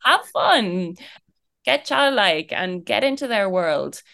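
A woman who is an educator, chatting as a podcast guest, playful and quick to laugh. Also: medium pitch, very animated, creaky, sharp tone. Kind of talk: casual interview chat.

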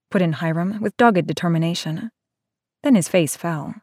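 A woman narrating a novel aloud in a steady, even storytelling manner. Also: lowish voice, fairly quick, no echo, studio quality. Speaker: audiobook narrator. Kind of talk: scripted narration.

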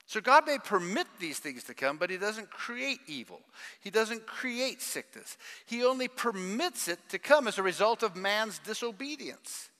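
Older male preacher, sermon, high voice, very lively pitch, long church-hall echo. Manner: animated, emphatic, questions the congregation.

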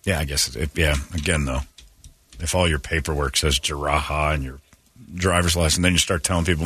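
A man's voice: a bass voice, a little fast, fairly bright tone, breathy edge. A man hosting morning radio, joking animatedly and mimicking callers in put-on voices. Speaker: radio show host.

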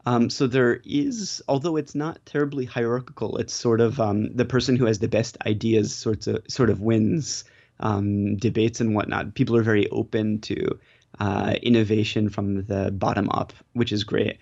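Gravelly guy on a muffled call, polite, lots of ums. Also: lowish voice, fairly even intonation, a little mellow. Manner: polite and measured, with frequent ums. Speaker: guest. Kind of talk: casual interview chat. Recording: dull lo-fi remote audio.

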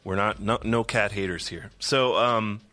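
Middle-aged male co-host, low pitch, bright forceful tone, animated casual storyteller. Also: measured pace. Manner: animated storyteller who acts out pets' voices. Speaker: podcast co-host. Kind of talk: casual chat.

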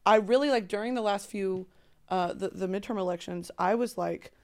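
A woman's voice: mid-range voice, moderate pace, a little mellow. A young woman from Texas, a guest in a casual podcast chat, playful and sassy with bursts of laughter. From Texas, suburban Dallas.

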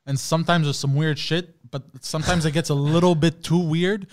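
A man with a slightly high voice telling a long story on a podcast. He stumbles through it, filling gaps with uhs and restarting sentences. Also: steady tone. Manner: rambling, halting, with many uhs and restarts. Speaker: podcast co-host. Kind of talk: casual comedic chat.

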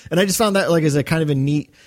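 A man's voice: fairly high pitch, racing. Man, podcast co-host, casual fan chat, enthusiastic, rambling, fillers.

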